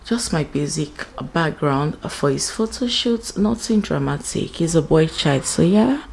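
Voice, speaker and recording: A woman's voice: low voice, lively intonation, measured pace, vocal fry, darkish tone, a little hiss or hum, rough recording. A mother vlogging at home, chatting casually to her viewers and calling them "you guys" and "my loves.". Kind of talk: casual vlog narration to viewers. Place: at home indoors.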